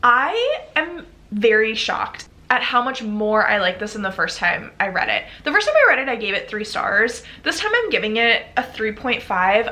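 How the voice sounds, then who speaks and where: Bright, chatty young woman vlogger. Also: fairly high pitch. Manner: bubbly, gushing, chatty with frequent "like". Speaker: book vlogger. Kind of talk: casual reading vlog chat.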